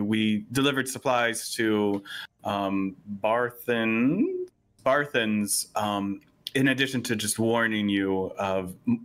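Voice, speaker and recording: A man's voice: fairly low pitch, a bit bright. A man playing a tabletop game in character, speaking earnestly with some hesitation. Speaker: player.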